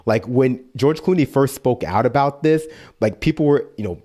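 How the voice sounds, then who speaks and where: A man's voice: medium pitch, moderate pace, warm tone. A man streaming, reading an article aloud and breaking off for sarcastic, casual asides.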